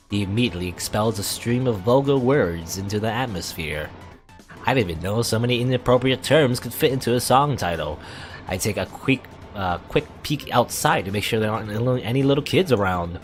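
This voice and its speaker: A young man reads a visual novel aloud and breaks off into rambling, stammering commentary. His pitch jumps around a lot. Faint game music plays quietly underneath. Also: animated, fairly quick. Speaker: let's play gamer.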